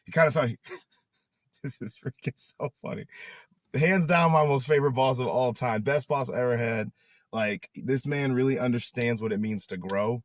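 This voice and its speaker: A young man chatting in a casual vlog, animated and laughing often, who trails off into rambling asides. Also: medium pitch, normal speed, no room sound. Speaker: YouTuber.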